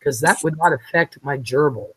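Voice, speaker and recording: A man's voice: fairly high pitch, sharp tone, slightly rough. Chatty rambling male talk-show host. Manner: rambling, chatty, halting with fillers. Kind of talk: late-night casual chat.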